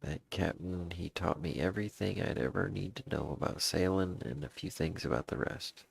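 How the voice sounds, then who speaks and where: Gruff old sea-captain, put on by a man, Southern drawl, raspy-husky, game journal reading. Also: sits low, heavily acted. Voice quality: gravelly, drawn-out pirate speech. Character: boastful old male pirate captain, gruff.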